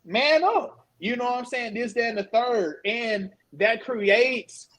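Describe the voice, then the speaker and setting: A man's voice: very high voice, steady tone, unhurried, a bit bright. A man in his twenties in casual podcast chat, rambling and full of fillers. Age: 20s. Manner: rambling, full of fillers like "you know what I'm saying".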